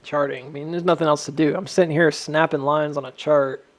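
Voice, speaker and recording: A man's voice: on the high side, steady tone, fairly quick. A man giving casual, rambling, self-mocking commentary while drawing lines on stock charts.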